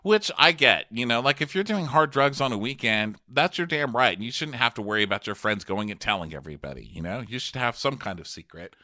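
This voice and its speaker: A man co-hosting a podcast, recapping a show as an animated, laughing storyteller. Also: medium pitch, fairly quick, few pauses, dry recording, studio quality. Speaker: podcast co-host. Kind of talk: casual comedic recap chat.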